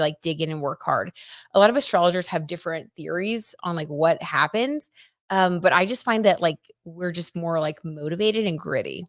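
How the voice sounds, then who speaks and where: A woman's voice: on the low side, a bit bright, dry recording, studio quality. Chatty young woman hosting a livestream. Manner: gushing, chatty, filler-heavy. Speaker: livestream host reading chat. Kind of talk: casual livestream chat about astrology and celebrity gossip.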